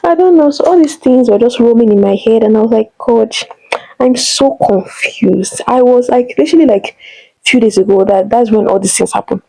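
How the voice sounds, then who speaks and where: A young Nigerian woman vlogging about her own life, her voice a little higher than most and mellow rather than bright. She rambles and exclaims, piling on fillers as she talks straight to the camera. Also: quick pace, creaky, no room sound, low-quality recording. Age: young adult. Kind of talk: personal vlog confession.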